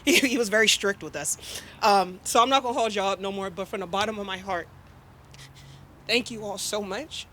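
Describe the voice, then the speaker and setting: A woman's voice: mid-range voice, moderate pace, fairly bright tone, a little hiss or hum. A woman speaking at her father's memorial, casual and heartfelt, chatting with the gathered crowd. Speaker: eulogy speaker, daughter of the deceased. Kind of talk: emotional memorial speech.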